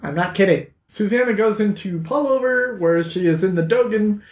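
A man reviewing a book on his vlog, ranting in an exasperated, animated way. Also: high-pitched, normal speed. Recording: echoey room.

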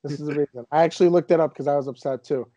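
A young man in his twenties hosting a casual podcast, telling stories with animated, mock-indignant energy. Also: on the high side, rapid-fire, no room sound, muffled recording. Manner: animated storyteller, exaggerated indignation. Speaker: podcast host.

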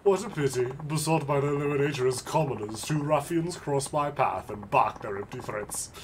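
A man's voice: medium pitch, moderate pace, a little hiss or hum, lightly acted. A man putting on a pompous, archaic nobleman. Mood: haughty. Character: pompous theatrical male noble, archaic and haughty. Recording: game music behind voice.

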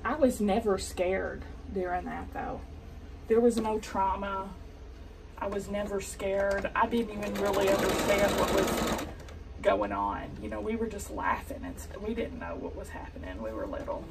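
Southern woman sewing vlogger, mid-pitched, chatty storyteller, faint noise. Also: moderate pace, gravelly. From Arkansas. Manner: chatty, meandering, soft-spoken asides. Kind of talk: casual storytelling while sewing. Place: home sewing room.

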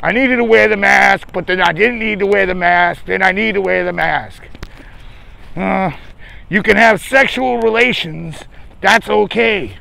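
The host's voice is high and sharp with vocal fry, and he keeps a measured pace. Livestreaming from a city sidewalk, he delivers crude, joking, profane rambling chat while sounding breathless through his face mask.

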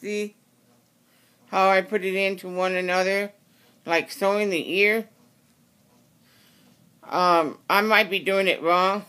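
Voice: mid-range voice, steady tone, takes it slowly, long pauses, bright, forceful tone, smooth. A craft tutorial host giving a casual how-to demonstration, rambling and often correcting and apologizing.

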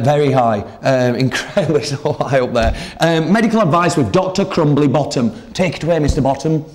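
Dry, jokey TV presenter. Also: male voice, a little high, darkish tone.

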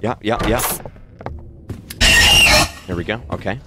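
A man's voice: on the low side, takes it slowly. A young man with an Australian accent, chatting casually on a gaming stream while he reads out messages from chat. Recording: game music under the voice.

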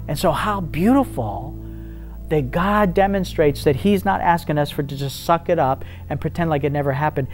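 A man's voice: a little high, moderate pace, soft background music. A man in a faith interview, telling a story earnestly and acting out the dialogue with rising intensity. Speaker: ministry guest telling a testimony.

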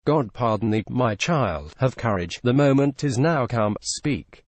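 A man voicing a gentle, solemn old priest who speaks softly and prays, in a storybook reading. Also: medium pitch, big pitch swings, slow pace, no room sound. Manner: soft-spoken, prayerful.

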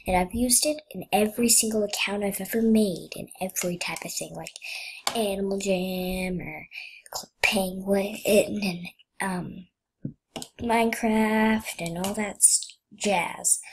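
A young woman talks her way through a game in a slow, unhurried way. She is playful and chatty and often sinks to a whisper, with faint keyboard clicks in the background. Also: mid-range voice, a little hiss or hum. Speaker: gamer. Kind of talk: casual gameplay commentary.

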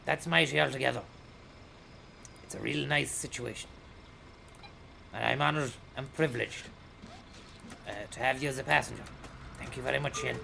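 A man's voice: medium pitch, steady tone, normal speed, creaky, pauses often, pushed and bright, slight background noise. An Irish man rambling jokily through a live stream, thanking donors by name.

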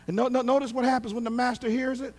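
High-voiced preacher in an echoing church. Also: male voice, flat delivery, quick pace. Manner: impassioned preaching, swinging from shouts to hushed tones; calls on the congregation to respond. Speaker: pastor. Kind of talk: sermon. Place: church sanctuary.

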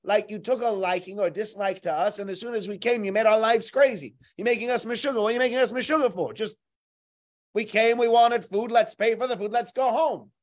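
Man putting on indignant biblical brother, raised high voice, loud, rapid angry questions. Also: sing-song. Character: exasperated adult male biblical brother pleading.

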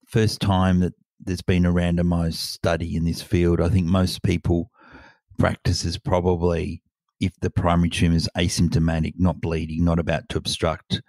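A man with a very low, mellow voice explains a clinical trial in conversational, hedging speech. His pitch barely moves, and the recording is dry and close. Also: dry recording. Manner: conversational, with hedges and fillers. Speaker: oncologist discussing a paper. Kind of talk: casual expert discussion.

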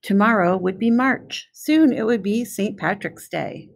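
Slow, gravelly woman reading a picture book. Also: mid-range voice. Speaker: preschool intervention specialist.

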